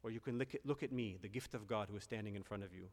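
A priest giving an earnest, reflective homily, pausing and restarting as he preaches. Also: on the low side, big-room sound. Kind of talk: sermon.

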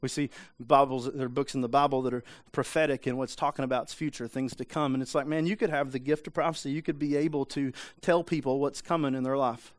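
A man's voice: medium pitch, fairly even intonation, fast talker, hardly any pauses, dry recording. A man preaching a sermon in a church, talking in a loose conversational way with frequent restarts and rhetorical questions. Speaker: pastor. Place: church sanctuary.

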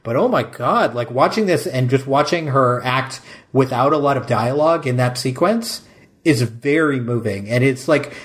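Male podcast co-host, mid pitch, casual and gushing, heavy on "like.". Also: animated, normal speed. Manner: emphatic, effusive, many "like"s. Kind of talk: casual film discussion.

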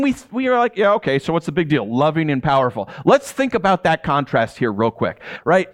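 A middle-aged man preaching a sermon, telling a personal story and acting out the dialogue. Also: a little high. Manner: storytelling, animated, acts out dialogue. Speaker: pastor.

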